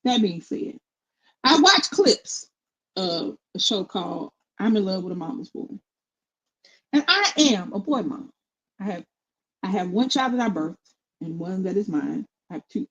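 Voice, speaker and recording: A middle-aged woman co-hosting casual commentary, blunt and opinionated in a steady, even tone. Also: medium pitch, measured pace, pauses often, breathy edge, poor audio. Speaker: co-host.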